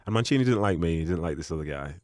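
Young guy, deep voice, chatty storytelling, quick pace. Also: dry recording, clean studio sound. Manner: relaxed anecdotal, often quoting with a low voice. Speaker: former footballer guest. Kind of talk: casual storytelling chat. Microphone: podcast mic.

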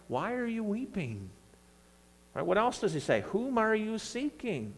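Animated preacher in a reverberant church. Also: male voice, a little high. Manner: conversational, animated reading of scripture with bursts of emphasis. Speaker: pastor. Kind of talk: sermon. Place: church sanctuary.

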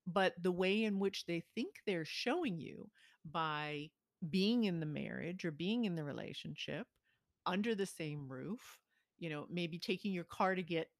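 Low-voiced woman host, dry sound. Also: expressive, measured pace, no echo. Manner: affirming listener, explanatory. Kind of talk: conversational interview.

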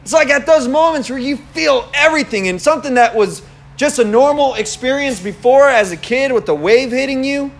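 High-voiced young man preaching casually. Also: fairly quick. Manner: conversational, animated storytelling with laughs. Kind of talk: casual sermon.

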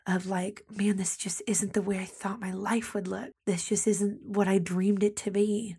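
A woman's voice: mid-range voice, vocal fry, a little mellow, breathy edge. A woman in her thirties, a ministry leader hosting a podcast, giving a reflective devotional talk and often dropping to a near whisper. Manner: intimate, often drops to a whisper.

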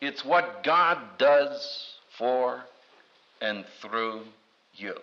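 Extremely slow yet animated, a man with a sharp-toned voice preaches a dramatic sermon laced with humor. He performs quoted voices using big pitch swings, and the recording is dull and lo-fi.

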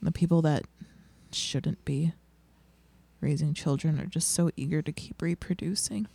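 A woman in casual chat, reacting with short swearing interjections and quick deadpan jokes. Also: deep voice, creaky, breathy edge, dry recording.

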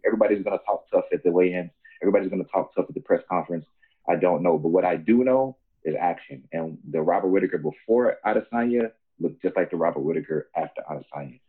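Deep husky man on a tinny line. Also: fast. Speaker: guest fighter. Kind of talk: casual podcast chat.

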